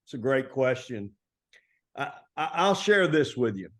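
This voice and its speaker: A middle-aged man from Texas, a basketball coach telling stories in a relaxed, folksy interview style full of colloquial turns. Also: mid-range voice, a little slow. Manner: folksy, animated storytelling with Southern colloquialisms. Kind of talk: conversational storytelling interview.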